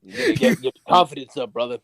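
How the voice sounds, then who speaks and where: A man's voice: on the high side, wildly swooping pitch, very fast, a crowd in the background. A man voicing an encouraging old-school male wrestling veteran with a hyped, coaching tone.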